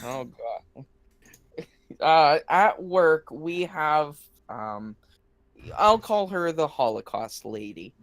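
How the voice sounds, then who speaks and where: A man chatting casually on a podcast, easing into a story with plenty of hesitation. His voice sits a little high. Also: animated, slow pace, long pauses, a bit bright. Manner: hesitant, many fillers. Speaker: podcast co-host. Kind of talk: casual chat.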